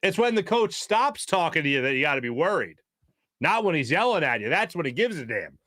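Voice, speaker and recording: A man hosting a live sports talk stream, reading viewer comments in a loose, joking way full of fillers. His voice sits a little high for a man. The studio sound is dry and close, with no room echo. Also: sing-song, a little fast, a bit bright. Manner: loose, jokey, reads chat aloud with many fillers. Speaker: sports talk show host. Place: small studio.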